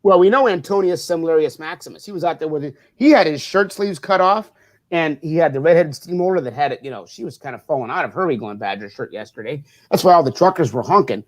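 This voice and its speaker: A man's voice: on the high side, lively intonation, fast. A middle-aged man co-hosting a casual chat show, rambling and teasing like a big brother. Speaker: co-host.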